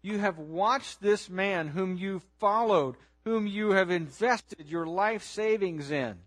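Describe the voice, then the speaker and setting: High-voiced man preaching a dramatic sermon. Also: slow. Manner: dramatic, swings from hushed to loud; asks listeners to imagine the scene. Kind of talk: storytelling sermon.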